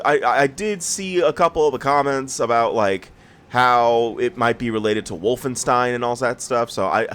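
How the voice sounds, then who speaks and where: A man's voice: mid-range voice, fairly bright tone. A tired man just out of bed, rambling and stammering through casual gameplay commentary as a let's play host. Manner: rambling, self-deprecating, stammers and laughs.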